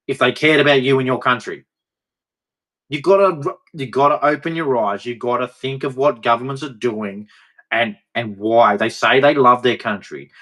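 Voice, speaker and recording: A man vents in a heated vlog rant. He talks in a preachy, insistent way and doubles back on words to drive his points home. His voice sits at an ordinary middle pitch for a man. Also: a bit bright. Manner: heated, preachy, repeats himself for emphasis. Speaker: vlogger. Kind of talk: ranting monologue to camera.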